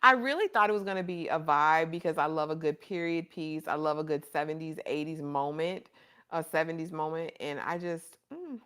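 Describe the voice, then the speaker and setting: A woman's voice: deep voice, moderate pace, fairly bright tone, clear, resonant tone. A woman hosting a casual livestream, chatting and reading viewer comments in an affectionate, chatty way. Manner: chatty and affectionate, calls viewers honey and baby. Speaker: livestream host.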